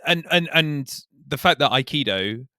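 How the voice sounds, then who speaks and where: A man's voice: a little high, animated, moderate pace, sharp tone, no echo, studio quality. A man co-hosting a podcast, talking in a rambling, sweary casual chat. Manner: rambling, swears, restarts, laughs easily. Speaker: podcast co-host.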